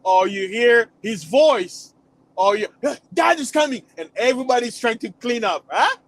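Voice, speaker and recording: A channel host with a high-sitting voice delivers a preachy monologue of religious warning to his viewers, repeating himself and building to emphatic peaks. He speaks at a normal speed, and the recording is rough.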